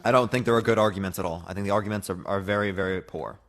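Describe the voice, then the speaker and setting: A man's voice: on the low side, rapid-fire, fairly bright tone. A man in a casual debate, probing and pressing his argument.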